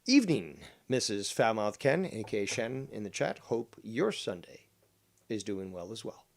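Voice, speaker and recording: A man's voice: lowish voice, sing-song, moderate pace, gravelly. A man hosting a casual livestream, reading the chat and talking in a mock-formal way, with some swearing. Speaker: livestream host.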